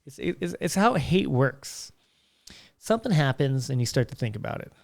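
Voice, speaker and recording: Young male podcast host, gravelly voice, casual rambling monologue with restarts, small curtained room. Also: medium pitch, very animated, normal speed, a little mellow. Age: young adult. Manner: rambling storyteller with frequent restarts.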